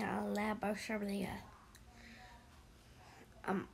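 Slow, soft-spoken woman playing a game. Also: a little high, a little hiss or hum. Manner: soft-spoken, reads game chat aloud, with slips and drifts into whispers. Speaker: ASMR channel host. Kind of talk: ASMR mobile game playthrough.

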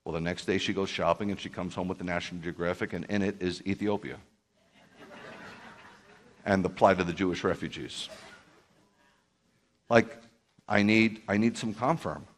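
A man's voice: deep voice, normal speed, long pauses. A man, a Messianic rabbi, telling a story to a group in an emphatic sermon style and acting out quoted dialogue. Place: speaking live to a group.

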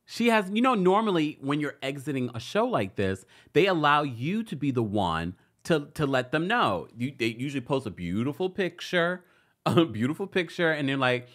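A man's voice: on the high side, normal speed. A man hosting a celebrity gossip show, chatting casually with playful shade. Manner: chatty, animated, playfully shady. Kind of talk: casual commentary.

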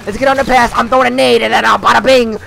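A young man giving casual, sarcastic commentary over his own gameplay, swearing freely and breaking into animated outbursts. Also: very high voice, very fast, gravelly. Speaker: gaming commentator.

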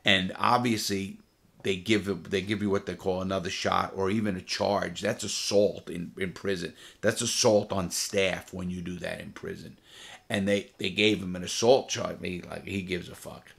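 A man's voice: low-pitched, steady tone, normal speed, gravelly, a bit bright. A middle-aged man, a former prisoner, bluntly telling first-person stories with profanity. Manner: blunt and profane, vivid retelling.

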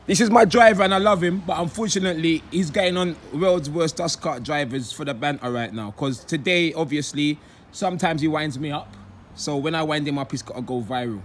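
A young man with a hoarse voice, a bin loader giving loud, exasperated running commentary on his driver, swearing and using slang. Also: fairly high pitch, a little fast. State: voice going hoarse. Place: outdoors on a city street beside a bin lorry. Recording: street noise and traffic behind.

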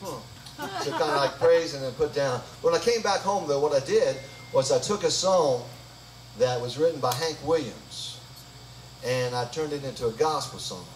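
A man's voice: a little high, animated, normal speed, slight background noise. Folksy man singing gospel in a church hall. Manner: folksy, joking stage patter. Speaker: gospel singer and bandleader. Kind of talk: live gospel concert with stage banter. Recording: roomy live hall audio from far off. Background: guitar music.

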